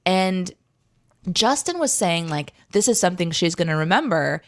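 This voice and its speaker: Rambling, animated woman co-host. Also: fairly low pitch, normal speed. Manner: rambling, animated storytelling with many fillers. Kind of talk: casual live chat.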